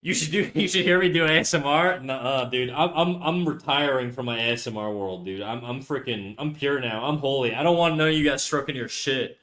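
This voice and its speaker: A young man streams live from an untreated room in his apartment through a USB condenser desk mic, drawing while he reads his chat aloud. He's laid-back and swears a lot, speaking briskly at medium pitch with few pauses and a fairly bright tone.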